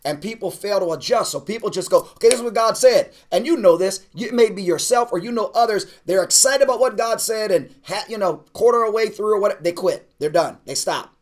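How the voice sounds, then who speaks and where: High-voiced man preaching with fervor. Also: lively intonation, a little fast, few pauses. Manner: repetitive, exhorting, building to shouts; casual, uses "man" and "y'all". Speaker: pastor teaching an online class. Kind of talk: energetic preaching pitch to an online audience.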